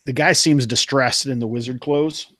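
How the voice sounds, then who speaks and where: A man running a tabletop game as game master, describing the scene haltingly with many fillers. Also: medium pitch, steady tone, a bit bright, no room sound.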